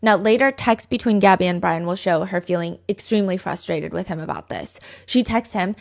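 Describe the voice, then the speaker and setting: A woman hosting a true crime podcast, retelling a case in a chatty, casual way full of "like" fillers and quick asides. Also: on the low side, gravelly. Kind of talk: casual storytelling chat.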